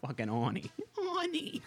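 A man co-hosting a podcast, cutting in with quick, profane jokes in casual banter. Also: medium pitch, slight background noise. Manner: quick interjections, profane joking, lively. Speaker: podcast co-host.

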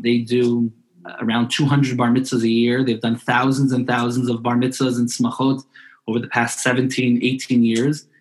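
A man speaking as a podcast guest in a casual interview, earnest and heartfelt, often restarting his sentences. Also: mid-range voice.

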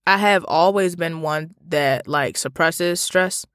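A man telling a story straight to his listeners in a casual, profane, slangy monologue that swings between animated rants and calmer reflection. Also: fairly high pitch, slow pace, clear, resonant tone, no echo, clean studio sound.

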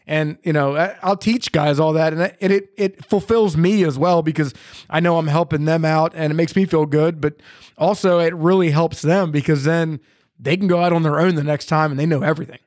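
A man's voice: fairly high pitch, fairly quick, dry recording, studio quality. A man hosting a podcast, chatting casually with lots of fillers and restarts as he shares views and asks questions. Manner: relaxed, filler-heavy, rambling. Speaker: podcast host. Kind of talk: casual interview chat.

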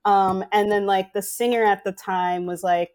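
A woman's voice: medium pitch, moderate pace. Chatty woman full of fillers. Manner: animated, speaks in loose, rambling phrases with constant fillers. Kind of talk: casual chat.

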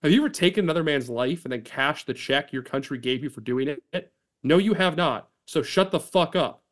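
A man reading aloud while voicing an angry older male country singer who growls and shouts. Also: fairly high pitch, brisk, natural voice.

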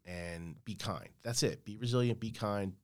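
A man's voice: on the low side, moderate pace, darkish tone. A man in his thirties chatting casually as a podcast guest, rambling and repeating his words. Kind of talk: casual chat.

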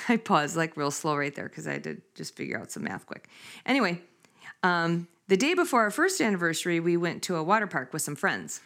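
Animated storytelling woman in her fifties. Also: lowish voice, fairly quick. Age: 50s. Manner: animated, laughing, acts out quotes. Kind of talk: casual storytelling chat.

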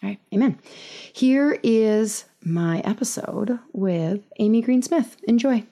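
A woman's voice: on the high side, slow. A woman from Southern California hosting a podcast, giving a chatty, reassuring intro and pep talk. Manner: gentle, reassuring, chatty with fillers. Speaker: podcast host.

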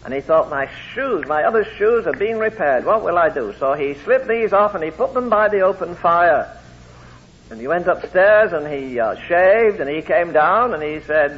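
A man's voice: high voice, animated, a little slow. A man preaching a sermon, telling anecdotes and acting out the quoted voices in his stories. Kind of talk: sermon with storytelling. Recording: tinny phone-like lo-fi recording.

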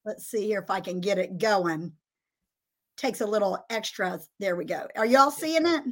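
A woman's voice: mid-range voice, normal speed, fairly bright tone. A middle-aged woman hosting a live broadcast interview, enthusiastic and chatty, laughing often. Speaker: host.

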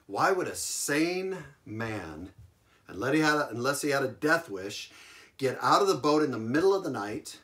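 In a middle pitch and at a moderate pace, a male preacher recounts a Bible story within his sermon. His delivery is animated, with repeated key phrases for emphasis and occasional chuckles.

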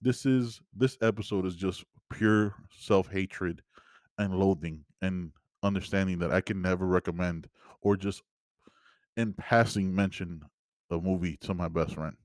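A man's voice: sits low, fairly even intonation, measured pace, no room sound, studio quality. A man hosting a podcast, giving a casual solo movie review as an exasperated, rambling rant full of restarts. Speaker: podcast host.

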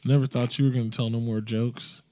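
A man's voice: mid-range voice, little pitch movement, a little fast, mellow, no echo. A young man hosting a comedy podcast, brash and profane, teasing his friends in casual banter. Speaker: podcast host.

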